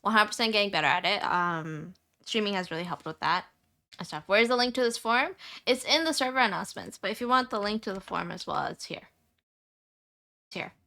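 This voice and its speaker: Bright-voiced chatty young woman streamer. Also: lively intonation, brisk, vocal fry. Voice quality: high-pitched, squeaky at times. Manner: chatty, repeats herself, many fillers. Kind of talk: casual chat with viewers.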